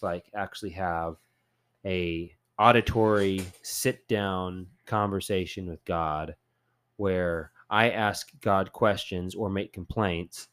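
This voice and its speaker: A man's voice: deep voice, fairly bright tone, clean tone. A man hosting a podcast, chatting casually and rambling through a Bible study with many fillers. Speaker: podcast host.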